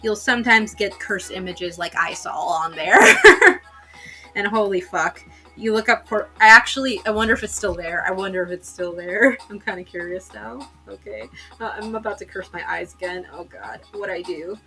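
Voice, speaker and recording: A woman's voice: medium pitch, steady tone, moderate pace, gravelly, bright, forceful tone. A woman chatting casually on a stream while drawing, swearing and rambling through asides. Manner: shrieks when shocked. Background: faint music.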